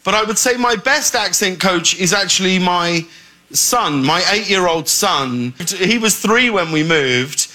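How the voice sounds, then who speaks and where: British male actor-guest, high bright tone, hesitant, self-deprecating. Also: expressive. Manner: halting, lots of uh and um, self-mocking. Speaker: talk show guest, actor. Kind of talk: casual interview chat. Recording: played TV clip.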